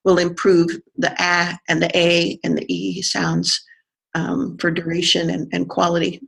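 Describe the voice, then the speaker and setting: An accent coach explaining pronunciation in conversation, pausing to think and sounding out vowels to demonstrate. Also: mid-range voice, sing-song, creaky, fairly bright tone, breathy edge. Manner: thoughtful, pauses with fillers, sounds out vowels to demonstrate.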